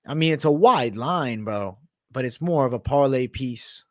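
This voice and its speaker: A brash young man with a mixed Boston and New York sounding accent, working through fight picks and betting lines on a live stream. He swears freely, riffs off the chat and keeps the energy up. His voice sits at an ordinary pitch and is recorded close and dry, with almost no room sound. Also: lively intonation, normal speed, a little mellow, no room sound. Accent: mix of Boston, Canadian and Italian, often heard as New York. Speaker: host of a live MMA betting and predictions show. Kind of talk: live-stream commentary, casual and profane.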